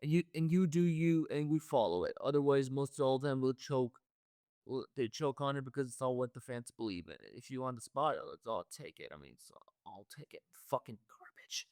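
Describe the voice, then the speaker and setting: A man's voice: mid-range voice, animated, brisk, a little mellow, dry recording, studio quality. A man hosting a wrestling reaction show, ranting heatedly with lots of profanity and repeated phrases. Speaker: wrestling commentary host.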